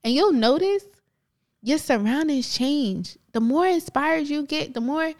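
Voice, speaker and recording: With a high-sitting, expressive, darkish voice at a measured pace, this podcast co-host from New Jersey tells personal stories casually and motivationally, laughing a lot and performing the other characters' voices.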